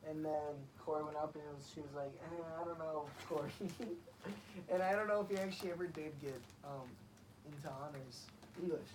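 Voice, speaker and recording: A young man with a slightly high voice rambles through school memories, peppering every phrase with filler. He sounds set back from the mic, with clear noise running behind him. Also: brisk, distant mic, poor audio. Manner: rambling storyteller, heavy on filler "like". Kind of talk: casual podcast chat.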